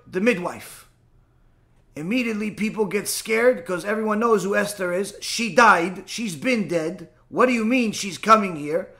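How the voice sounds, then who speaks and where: A man telling a folk tale aloud in a conversational, unhurried way, stopping now and then to explain terms. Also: sits high, bright, forceful tone. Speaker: storyteller. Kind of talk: oral folk-tale storytelling.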